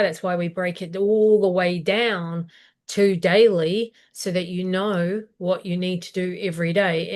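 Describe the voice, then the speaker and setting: A woman co-hosting a business live stream, practical and steady, asking questions aloud as she explains. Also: on the low side.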